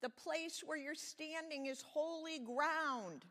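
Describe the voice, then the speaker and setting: A solemn, thundering voice of God from a children's Bible story, as a woman puts it on. It is raised and loud, with a gravelly edge. It rings through an echoey church hall. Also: fairly high pitch, expressive, slow, voice pushed up, full character voice. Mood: commanding.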